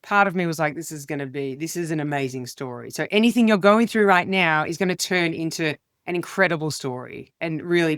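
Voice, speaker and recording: A woman's voice: deep voice, no echo, studio quality. A woman, a comedian guest telling a story animatedly and acting out the quotes in an interview. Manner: animated, acts out quotes in changing voices. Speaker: guest, comedian and communication expert.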